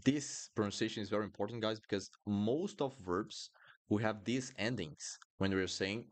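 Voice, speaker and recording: Deep-voiced brazilian man teaching drills. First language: Portuguese. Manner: patient, repeats words slowly for drills. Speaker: Portuguese teacher. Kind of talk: live online pronunciation lesson.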